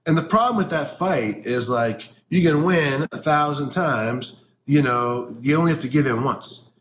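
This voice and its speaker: A man's voice: on the high side, animated, measured pace, fairly bright tone. Blunt, profane man, faint room noise. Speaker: interview guest. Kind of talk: candid conversation.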